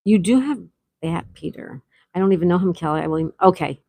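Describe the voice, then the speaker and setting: A woman's voice: lowish voice, lively intonation, fast talker, creaky, darkish tone, no echo. A woman hosting a casual live stream, chatting with viewers, reading their comments aloud and spelling out game letters. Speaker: livestream host.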